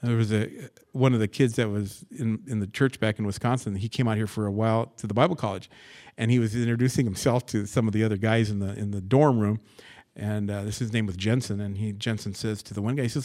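A man's voice: on the low side, a little fast. Folksy man teaching scripture verse by verse. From US West Coast. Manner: folksy, animated, asides and anecdotes. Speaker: pastor.

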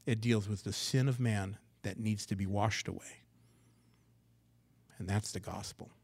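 A man preaching a sermon in a church, swinging from loud, emphatic lines down to hushed, low asides. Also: fairly even intonation, unhurried, breathy edge. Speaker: pastor. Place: church sanctuary.

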